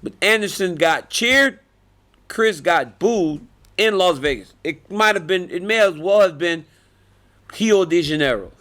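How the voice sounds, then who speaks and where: Laughing, animated man in an interview. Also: high voice, unhurried. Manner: animated storytelling, laughs often. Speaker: interviewee, MMA fighter and analyst. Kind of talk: casual media interview.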